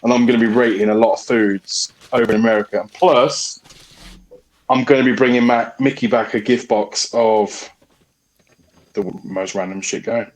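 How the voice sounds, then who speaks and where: A man's voice: lowish voice, fairly even intonation, moderate pace, poor audio. A man co-hosting a podcast in casual banter, sweary and jokey, rambling from topic to topic. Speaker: podcast co-host.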